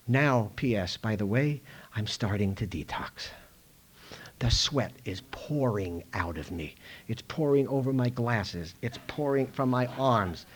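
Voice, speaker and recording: A man's voice: mid-range voice, animated, unhurried. A middle-aged man speaking at a recovery meeting in a school room, telling a story to a live audience and acting out other people's lines.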